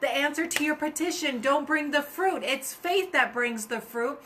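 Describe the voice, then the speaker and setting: Woman co-host, high and bright, earnest casual preaching, faint noise behind. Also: moderate pace. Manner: earnest, repeats phrases for emphasis. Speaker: co-host of a faith talk show.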